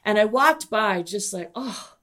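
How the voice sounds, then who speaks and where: A middle-aged woman, a guest and teacher, telling lively anecdotes in an interview and acting out what people said. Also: fairly high pitch, moderate pace. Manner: animated, enthusiastic, acts out quotes.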